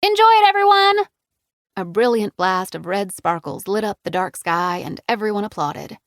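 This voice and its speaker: A woman's voice: on the low side, moderate pace, no room sound, studio quality. A woman narrating an audiobook in a scripted reading style.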